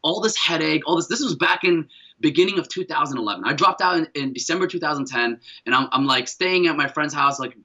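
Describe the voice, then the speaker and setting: A man with a very bright, forceful voice tells a personal story as a podcast guest. He sits a touch higher than most men and talks with lively energy, casual slang and quick restarts. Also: dull audio. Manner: energetic, repeats words, uses casual slang.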